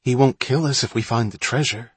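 A man voicing an eager, daring young boy, the younger brother, who talks in an excited, coaxing way. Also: medium pitch, a little fast, husky, dry recording, lightly acted.

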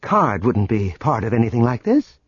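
A man voicing a composed female diplomat who speaks softly and calmly. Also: mid-range voice, normal speed, breathy edge, no echo, highs cut off. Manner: soft, composed.

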